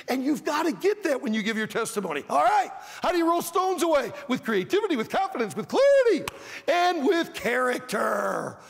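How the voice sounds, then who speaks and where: An older man preaching to a youth conference in a large auditorium, emphatic and shouting his key words. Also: very high voice, very animated, quick pace, gravelly, hardly any pauses. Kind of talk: sermon. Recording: long reverb in a large hall.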